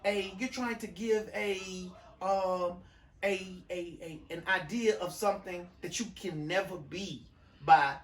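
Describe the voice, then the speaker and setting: A man's voice: high-pitched, fairly even intonation, takes it slowly. A man co-hosting a podcast in casual chat, rambling with frequent restarts and loose slang. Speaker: podcast co-host. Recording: echoey room, mic at a distance, faint room noise.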